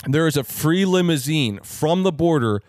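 A man's voice: on the high side, animated, normal speed, a little mellow, dry recording, clean studio sound. A young man co-hosting a podcast, rambling through a story with lots of fillers. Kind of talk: casual chat.

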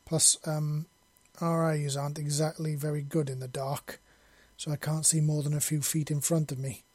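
A man's voice: fairly high pitch, little pitch movement, moderate pace, darkish tone, husky, dry recording. A man voicing a nervous young alien woman who hesitates and halts with ums.

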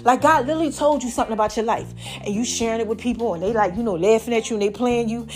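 A woman's voice: a little high, rapid-fire, soft background music. A woman, casually retelling a Bible story to her followers, acting out voices and often asking "right?". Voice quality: lively storytelling with acted voices. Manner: chatty, keeps asking "right?". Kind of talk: casual faith talk to followers.

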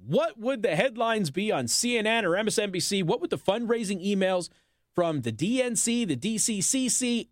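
Fired-up radio talk guy, kinda high voice, sarcastic rant, dry studio sound. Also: a bit bright, no echo. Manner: indignant, sarcastic, emphatic. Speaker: radio talk show host. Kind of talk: opinionated talk radio monologue.

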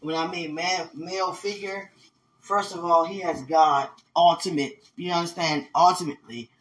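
A woman's voice: on the low side, fairly even intonation, moderate pace, poor audio. A woman hosting a podcast, talking in a rambling, emotional way and laughing often as she speaks to someone who isn't there. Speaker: podcast host. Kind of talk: casual spoken monologue.

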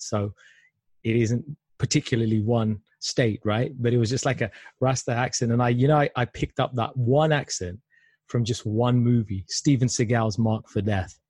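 A man hosting a podcast interview, chatty and upbeat, with a calm spoken sign-off. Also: medium pitch, normal speed, dry recording. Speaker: podcast host. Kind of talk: casual interview chat.

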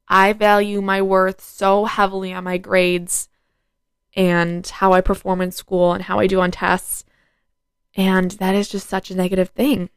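A woman's voice: medium pitch, smooth, no room sound. A teenage girl hosting a casual solo podcast, talking frankly and saying "like" and "I don't know" a lot. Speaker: podcast host.

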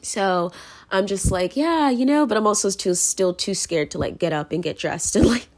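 A woman's voice: fairly low pitch, normal speed, a little mellow. A young adult woman hosting a casual podcast monologue, rambling and filler-heavy, laughing often while moving around indoors. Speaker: podcast host.

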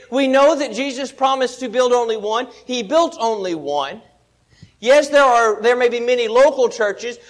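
High-voiced man preaching a sermon. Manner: earnest teaching, repeats key points.

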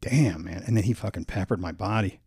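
A man hosting a podcast in a gravelly, mellow, low voice. He laughs easily and puts rating questions to his guest. The recording is dry and close. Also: brisk, no echo. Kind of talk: casual chat.

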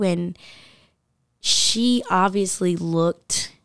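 A woman's voice: mid-range voice, unhurried, clean tone, dry recording, studio quality. A young woman from the United States telling a story in casual podcast chat, full of fillers and likes. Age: young adult.

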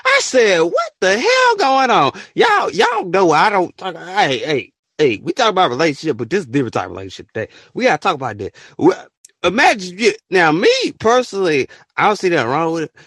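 Man, husky voice, dry close sound, fairly high pitch, animated profane rant, shouting bursts. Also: a little fast, no room sound. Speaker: podcast host. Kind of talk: ranting opinion commentary.

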